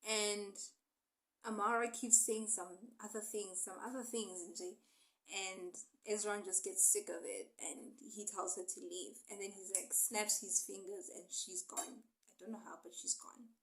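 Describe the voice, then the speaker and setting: A young woman casually retelling a novel for a book review, chatty and animated as she acts out the characters. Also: mid-range voice, unhurried, low-quality recording.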